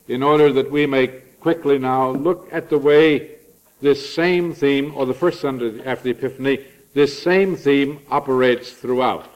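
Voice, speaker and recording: A middle-aged man preaching a learned, lecture-style sermon full of asides, with lively swings of pitch and pace for emphasis. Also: poor audio. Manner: learned, digressive, with frequent asides. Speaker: preacher or lecturer on the church year.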